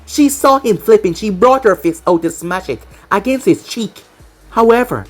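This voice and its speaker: Woman narrator for a fan fiction read-aloud, lively rising and falling delivery, faint music underneath. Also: mid-range voice.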